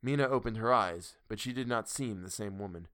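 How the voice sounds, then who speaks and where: Man, audiobook narrator, measured steady reading, lowish voice, dry close recording. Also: clean tone, dry recording.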